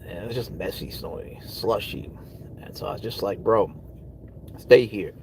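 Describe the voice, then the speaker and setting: A man's voice: fairly low pitch, a little fast, gravelly, background noise. A man hosting a casual livestream, rambling as he answers viewers' comments and trailing off into mutters, speaking from a parked car. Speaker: livestream host. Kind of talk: casual live chat with viewers.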